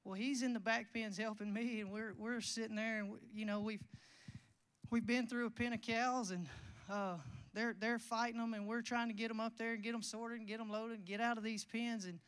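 A man's voice: sits high, level tone, fairly quick, a bit bright, clear, resonant tone. A young man preaching a sermon, telling a folksy, rambling story full of restarts and quoted dialogue.

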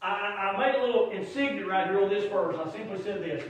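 A male pastor, preaching a folksy sermon that swells into shouted emphasis. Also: high voice, fast talker, few pauses. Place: church sanctuary. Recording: very echoey room, from far off.

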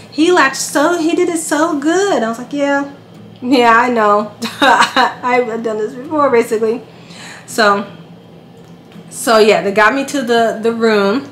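A woman in her thirties telling a personal story in casual vlog style, lively and acting out the voices of others. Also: medium pitch. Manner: animated, acts out quoted voices. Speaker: vlogger. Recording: echoey room with faint noise.

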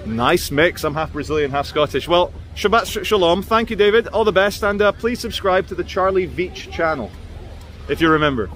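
High-voiced chatty man on city streets. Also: animated, moderate pace, fairly bright tone, a little hiss or hum. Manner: chatty, joking, addresses passersby directly. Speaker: vlogger. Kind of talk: walking street commentary.

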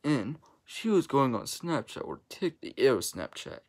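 A woman's voice: rumbling low, big pitch swings, unhurried, breathy edge. A young woman venting in a vlog, annoyed and ranting, with frequent swearing. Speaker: vlogger.

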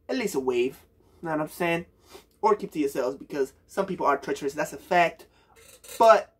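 This music reaction YouTuber, a young man from Puerto Rico, reacts to a song in a casual, hyped, slangy way, addressing viewers as bro. His voice is fairly high-pitched and husky.

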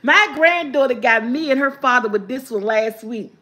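A woman's voice: a little high, normal speed, sharp tone. An older woman hosting a casual live vlog, chatting with viewers, reading their comments aloud and laughing often. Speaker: vlogger.

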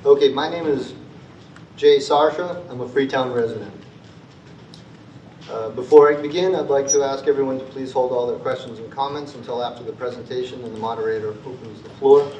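A man of medium pitch and fairly even intonation speaks a little fast in a warm tone, addressing a town meeting in a school auditorium with a heartfelt prepared talk. He's earnest, repeats rallying phrases, and sometimes gets choked up; the audio is roomy, distant and dull, with slight background noise.

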